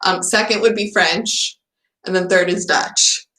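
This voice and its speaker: A woman's voice: fairly low pitch, fairly even intonation, measured pace, pushed and bright. A young woman and native English speaker hosting a casual livestream chat. She laughs often and acts out her own anecdotes. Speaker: channel host. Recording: roomy echo.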